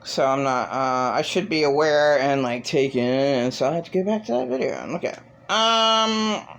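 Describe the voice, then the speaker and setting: A woman's voice: low voice, normal speed, gravelly. A woman vlogging in a rambling, profane monologue, venting with raw emotion. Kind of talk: casual monologue.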